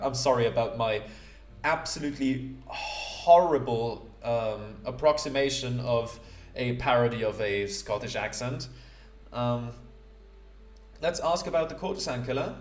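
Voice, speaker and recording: A man narrating his playthrough of a game in casual commentary, halting and self-deprecating, with many fillers. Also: mid-range voice. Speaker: let's play host. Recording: roomy echo.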